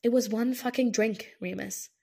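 A woman's voice: a little high, fairly even intonation, moderate pace, gravelly, darkish tone, breathy edge. A woman voicing Sirius, a snappish young man. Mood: grumbling. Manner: snapping, exasperated, curses often. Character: agitated, grieving young man, sharp-tongued. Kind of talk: audiobook character voice.

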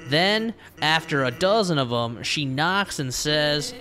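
A man's voice: a little high, animated, pushed and bright, soft background music, full character voice. Sans, a man doing a drawling lazy skeleton. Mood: easygoing. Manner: slow southern-tinged drawl. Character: laid-back joking male skeleton. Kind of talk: reading game dialogue aloud.

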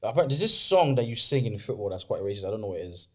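A man's voice: on the low side, big pitch swings. A young Scottish man, a podcast guest, telling stories casually and acting out the dialogue. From Scotland. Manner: quick, chatty, acts out dialogue. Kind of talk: casual chat.

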